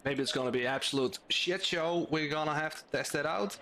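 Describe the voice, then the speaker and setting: A young man talks through his car setup and laps in a loose, rambling live-stream manner, often restarting his sentences. His voice sits a touch high for a man. Clear background noise runs under the whole recording. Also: brisk, sharp tone. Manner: thinking aloud, casual, rambling with restarts. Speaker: sim racing streamer. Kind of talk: live-stream commentary while driving.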